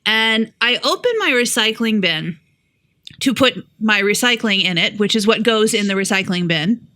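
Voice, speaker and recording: Bright, crisp-voiced profane woman. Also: medium pitch, expressive, moderate pace, no echo, studio quality. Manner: profane, exasperated storyteller. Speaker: podcast co-host. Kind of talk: casual comedic storytelling.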